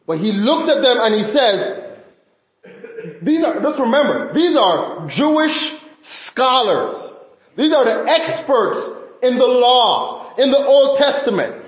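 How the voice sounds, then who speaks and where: A man preaching a sermon as pastor, emphatic and animated, often restarting phrases. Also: very high voice, slow, echoey room, rough recording.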